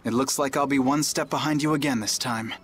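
An actor voicing an earnest young male knight in a video game, speaking in a formal, measured way, with game music behind him. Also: mid-range voice, steady tone, close to an everyday voice. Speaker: game character.

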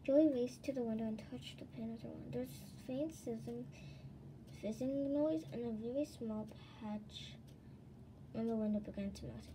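A woman reading a children's chapter book aloud in an expressive, animated way. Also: a little high, normal speed, noisy background. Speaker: storybook reader.

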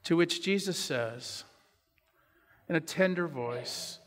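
Male pastor, earnest storytelling sermon, high voice, echoey sanctuary. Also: animated, slow pace, long pauses, a bit bright. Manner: earnest, personal storytelling preaching. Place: church sanctuary.

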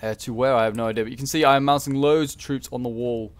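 A man's voice: mid-range voice, steady tone, quick pace, no echo. A man giving casual, chatty commentary over a strategy game battle, rambling and correcting himself as he goes. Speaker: gaming video creator.

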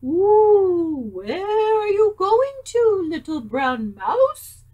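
A woman's voice: very animated, mellow, muffled recording, heavily acted. A woman voicing a sly owl in a children's story, hooting and drawing out her words. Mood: hooting, inviting. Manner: hooting, drawn-out and high.

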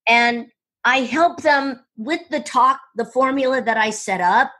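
A woman speaking coach telling stories in an interview, excitable and full of quick restarts and asides. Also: on the high side. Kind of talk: enthusiastic interview storytelling.

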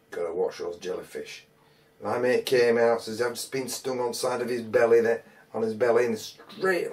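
A man's voice: medium pitch, a little mellow, far from the mic. A man telling a casual, rambling anecdote as a metal detecting vlogger, full of colloquial phrases and hesitant restarts. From England.

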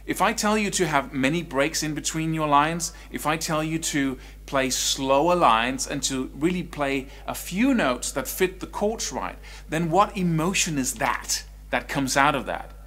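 A man teaching an online guitar lesson, explaining expression in a lively, conversational way. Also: fairly high pitch, a little slow, few pauses. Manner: animated, swings between quiet and loud speech to demonstrate.

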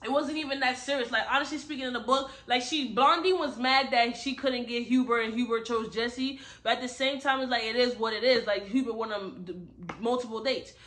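A woman's voice: on the high side, fairly quick, few pauses. A woman giving a casual book review recap, talking bluntly and with lots of slangy asides. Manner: animated, blunt, slangy storytelling with frequent asides.

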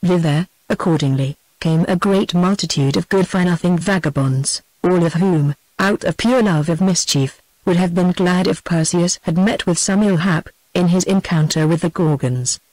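A synthetic text-to-speech woman's voice with a British English accent, reading a storybook in an even, measured way. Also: lowish voice, no echo, poor audio. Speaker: audiobook narrator.

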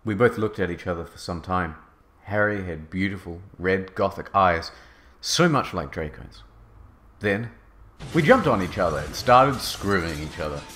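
A man reading a fanfic in mock-earnest deadpan. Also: sits low, moderate pace, a little hiss or hum. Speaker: narrator reading a fanfic aloud. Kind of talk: comedic dramatic reading.

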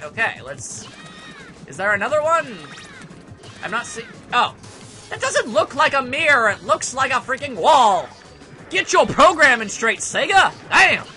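A young man giving casual, sarcastic gameplay commentary, grumbling at the game and now and then bursting into shouts. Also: very high voice, big pitch swings, moderate pace. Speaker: let's play commentator. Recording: faint game music behind.

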